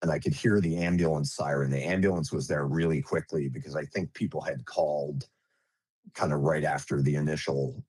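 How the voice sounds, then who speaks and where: A man who is a nurse, recounting an emergency as an interview guest in a halting way, with many fillers and restarts. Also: extremely low pitch, fairly even intonation, darkish tone, breathy edge, no echo.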